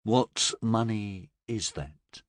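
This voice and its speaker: A man voicing a cold, menacing male gang boss in an audiobook, speaking slowly and calmly. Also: fairly low pitch, dry recording. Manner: slow, calm and threatening. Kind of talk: audiobook character voice.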